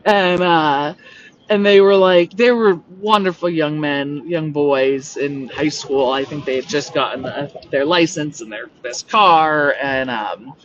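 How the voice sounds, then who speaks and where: A woman hosting a podcast, telling a story in a rambling, animated way full of "like". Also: low voice, measured pace. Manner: rambling, animated, heavy use of "like". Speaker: podcast host. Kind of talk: casual storytelling monologue. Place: home on a rural homestead. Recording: distant, dull lo-fi mic with faint noise.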